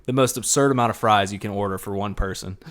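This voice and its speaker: A man's voice: lowish voice, fast talker, a bit bright. Wry, teasing male podcast co-host. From Georgia, USA. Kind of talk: casual chat.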